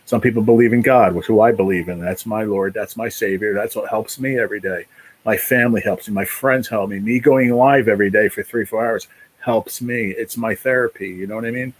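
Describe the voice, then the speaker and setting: A man's voice: lowish voice, steady tone, brisk, low-quality recording. A man hosting a casual live stream, talking in a rambling, emotional way, full of "you know", and close to tears. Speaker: livestream host.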